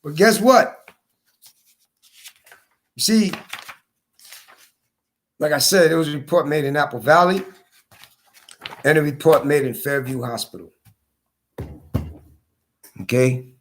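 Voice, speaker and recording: A hoarse man telling his story in a casual monologue, repeating his points for emphasis. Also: on the high side, takes it slowly, pauses often, a little hiss or hum. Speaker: vlogger.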